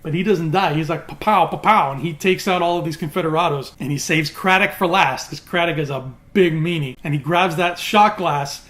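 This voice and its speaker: A man talking casually as a TV reviewer, recapping in an animated way with quick acted quotes. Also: on the high side.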